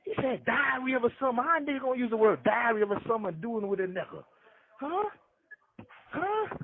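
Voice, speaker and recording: This man's voice sits very high and comes through husky and breathy. He tells slangy, rambling stories, hopping from one name to the next. The sound is thin and tinny, like a phone call. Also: animated, a little fast. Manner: slangy, jumps between names and stories. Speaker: podcast guest. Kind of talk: rambling street storytelling.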